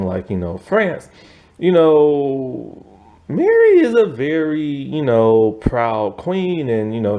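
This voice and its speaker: A man in a casual, rambling review chat, filling his sentences with "like" and "you know." His pitch sits mid-range but swings widely, rising high when he gets worked up. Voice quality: chatty, filler-heavy, meandering, with "like" and "you know". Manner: animated, swooping pitch. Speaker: TV review vlogger.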